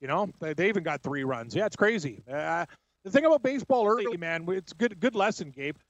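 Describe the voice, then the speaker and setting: A high-voiced man co-hosts a sports radio show, giving brisk, confident breakdowns of games and betting odds. His voice is dry and close, with a slightly dulled top end. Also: lively intonation, no echo, dull audio. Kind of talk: casual sports talk.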